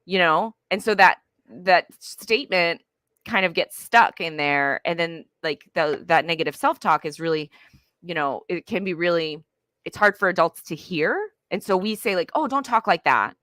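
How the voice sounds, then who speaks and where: Woman, parenting advice, earnest, lots of fillers, crisp tone, dry room. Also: lowish voice, moderate pace, fairly bright tone, no room sound. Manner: earnest, explanatory, many fillers. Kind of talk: conversational advice.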